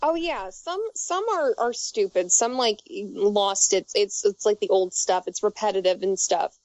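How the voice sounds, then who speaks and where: A woman's voice: mid-range voice, unhurried, darkish tone, dry recording. A woman in her twenties chatting casually, rambling with restarts and swearing. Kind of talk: casual chat. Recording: muffled dry recording.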